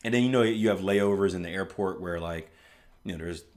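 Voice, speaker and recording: Chatty rambling man, lowish voice. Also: brisk, a little mellow. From US East Coast. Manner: rambling storyteller, many restarts and "like", chuckles often. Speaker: forex trading educator. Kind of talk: casual live-stream chat and chart analysis.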